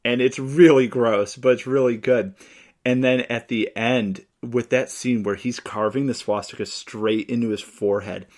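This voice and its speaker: A man's voice: medium pitch, steady tone, normal speed, darkish tone. A young man co-hosting a casual movie podcast, enthusiastically retelling his favorite scenes. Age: young adult. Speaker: podcast co-host.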